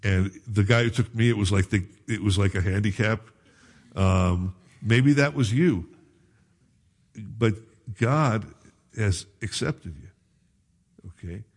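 A man's voice: on the low side, takes it slowly, long pauses. A male pastor giving a sermon in a conversational way, full of asides, self-corrections and questions to the congregation.

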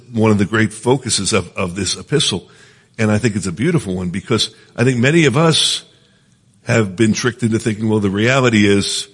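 A middle-aged preacher teaches from the Bible in an earnest, conversational way, checking in with his listeners often and restarting many times. His mid-range voice is fairly bright with a breathy edge. A long hall reverb surrounds the recording.

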